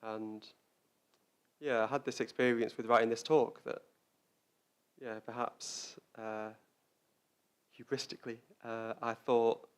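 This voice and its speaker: A man of ordinary pitch giving a Buddhist Dharma talk. He speaks in a thoughtful, halting way, doubling back on words and phrases as he feels his way toward each point. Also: level tone, smooth. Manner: reflective, halting, repeats words while searching for them. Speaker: Buddhist teacher.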